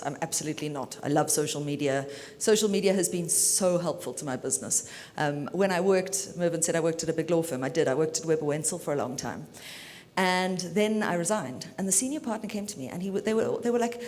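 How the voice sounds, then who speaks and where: A woman from South Africa giving a brisk, chatty and self-assured talk as a media lawyer at a conference. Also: darkish tone. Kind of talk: keynote talk. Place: conference hall. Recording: reverberant hall, faint rumble.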